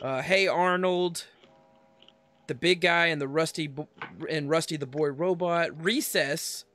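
A man in his thirties co-hosts a casual podcast chat, upbeat and laughing often as he reads viewer comments and works through lists. His voice is fairly high and a bit bright, at a measured pace.

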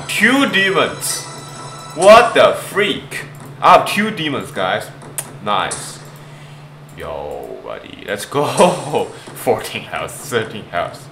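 A man giving excited gameplay commentary as a gaming YouTuber, pleading and shouting at the game and laughing often. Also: on the low side. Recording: echoey room with game music.

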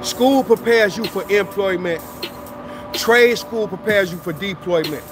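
A man's voice: sits high, a little slow. A man, preaching motivation in a livestream rant outdoors, repeating himself and slipping into a sing-song. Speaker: motivational streamer. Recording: music playing loud in the background.

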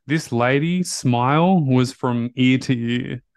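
A man's voice: mid-range voice, slow pace, no room sound. Outspoken guy telling a story on a podcast, lots of likes and you knows, dry close sound. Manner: animated, conversational, many fillers and restarts; blunt, outspoken. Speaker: podcast host, recovery coach. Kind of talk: casual storytelling chat.

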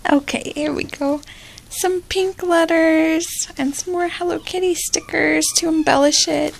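High-pitched, gushing young woman vlogger. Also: steady tone, takes it slowly, vocal fry, pauses often. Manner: gushing, repeats "so cute" and "I love it". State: emotional, near tears. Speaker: vlogger opening a gift. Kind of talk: casual unboxing vlog.

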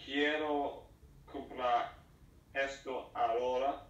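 Man, language student, slow careful answers, distant mic, dull roomy audio. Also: medium pitch, steady tone. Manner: hesitant, careful, words come in short chunks. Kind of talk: answering lesson drills.

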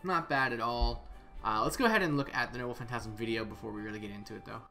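A man's voice: medium pitch, quick pace, over music. A man casually reviewing a game character, thinking aloud with some hesitant repeats. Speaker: game content creator.

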